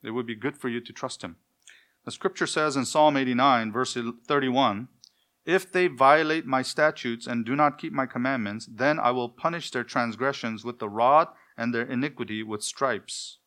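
A man's voice: mid-range voice, moderate pace, sharp tone. A man preaching a sermon as pastor, emphatic, posing rhetorical questions and answering them himself. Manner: acts out dialogues between parent and child.

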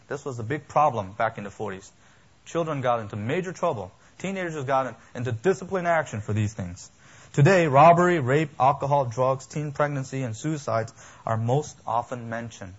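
Male pastor, husky voice, emphatic sermon delivery, dull lo-fi recording. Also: mid-range voice, lively intonation, normal speed. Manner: emphatic, building preaching with lists and rhetorical questions.

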